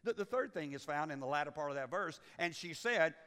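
High-voiced pastor in a reverberant hall. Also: male voice, lively intonation, brisk, bright, forceful tone. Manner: folksy, teasing the congregation, acts out quotes. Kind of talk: sermon. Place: church sanctuary.

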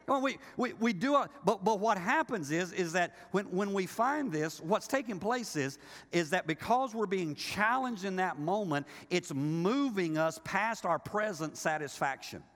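An older male pastor preaching a sermon, animated and joking with his congregation, acting out the voices he quotes. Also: high-pitched, moderate pace. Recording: reverberant hall.

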